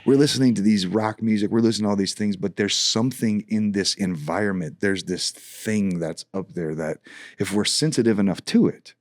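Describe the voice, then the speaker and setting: Speaking fairly quickly in a lowish voice, a middle-aged worship leader shares a story during a casual podcast conversation. He's an animated teller who performs the dialogue and keeps restarting, and there's no room sound.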